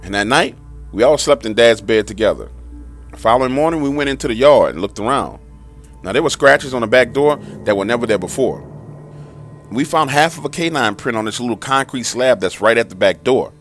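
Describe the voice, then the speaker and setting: A man in scripted horror narration, dramatic, with pauses and sudden emphasis. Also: mid-range voice, a bit bright. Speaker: storyteller. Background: faint background music.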